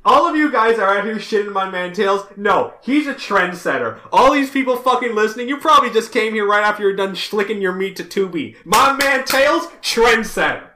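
Bright-voiced joking podcast man. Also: sits high, animated, moderate pace, hardly any pauses, reverberant. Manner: joking and profane, loose storytelling. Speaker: podcast co-host. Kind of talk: casual comic book recap chat.

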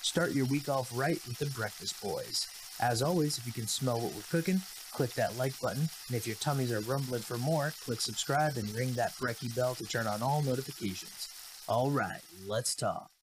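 A playful man co-hosting a podcast, reading the intro with upbeat cheer. A clear background noise runs under his voice. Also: medium pitch, normal speed. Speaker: podcast co-host and intro reader. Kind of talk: upbeat show intro, then casual chat.

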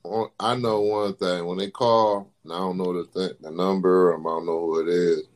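A man talks in a casual chat, laid-back but emphatic. His voice is very deep. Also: fairly even intonation, normal speed.

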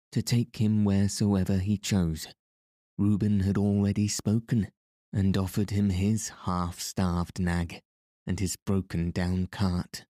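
A man reading the part of an elderly grimy trader who lisps and talks in a rasping, fawning way. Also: low-pitched, dark tone, no echo, clean studio sound. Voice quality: lisp. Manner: rasping, obsequious. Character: elderly grimy male trader, humble and wheedling.

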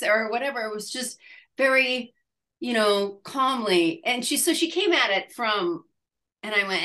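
Woman, sixties, bright tone, rambling laughing storyteller in interview. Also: fairly high pitch. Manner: halting, laughing storyteller with many restarts. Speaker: actress guest. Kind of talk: casual interview chat.

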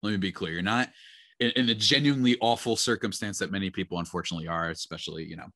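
Talking very fast, a male podcast co-host with a low, pushed, bright voice rambles through casual chat full of fillers. The studio audio has no room sound.

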